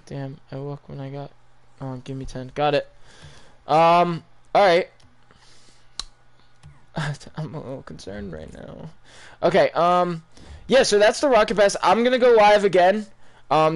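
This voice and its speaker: Young man, gaming commentary, casual and rambling, smooth voice, slightly high pitch. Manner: rambling, chatty, talks to viewers. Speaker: gaming YouTuber.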